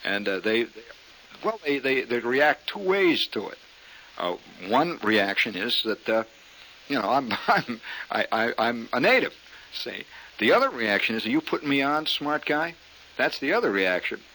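A man's voice: medium pitch, sing-song, measured pace, sharp tone, a little hiss or hum, rough recording. A male comedian telling a rambling story full of fillers and restarts. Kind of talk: stand-up storytelling.

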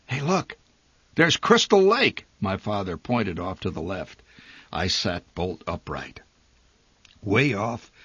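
A man reading a humorous memoir story aloud, with a wry, dry and lively delivery. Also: sits low, husky, no room sound. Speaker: narrator.

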